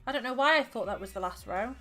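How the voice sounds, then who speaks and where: A woman's voice: fairly high pitch, lively intonation, fast, pushed and bright, faint music behind. A woman hosting a casual crafting livestream from home, chatting and thinking aloud as she works and counting stitches under her breath. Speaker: livestream host.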